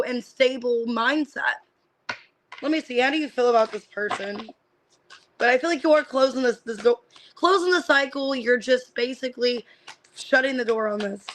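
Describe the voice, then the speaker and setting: A woman's bright, clear voice talks through a live-streamed tarot reading. She thinks out loud in a relaxed way, naming each card before she reads it. A faint hiss sits under her voice. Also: fairly high pitch, low-quality recording. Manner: casual, thinking aloud, lots of "I feel like" and "like"; names cards one by one, then interprets. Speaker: tarot reader.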